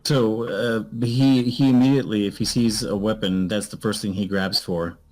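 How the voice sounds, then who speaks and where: A man's voice: fairly low pitch, fairly even intonation, moderate pace, darkish tone, soft background music, rough recording. A man playing a tabletop game, laying out his character's actions step by step. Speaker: player.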